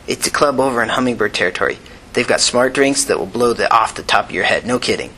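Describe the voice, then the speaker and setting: A man's voice: mid-range voice, lively intonation, fast talker, pushed and bright, a little hiss or hum. A man doing a cocky young hacker guy. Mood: boastful. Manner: boastful.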